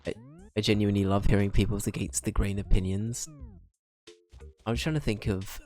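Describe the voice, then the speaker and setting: A man's voice: fairly low pitch, fairly even intonation, normal speed, a little mellow, soft background music. A young man chatting casually while streaming a game. He rambles, restarts his sentences and laughs often.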